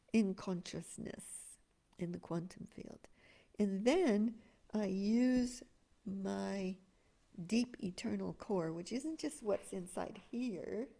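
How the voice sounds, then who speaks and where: Gravelly expressive woman teaching energy work. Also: medium pitch. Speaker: spiritual teacher. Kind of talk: energy teaching to an online group.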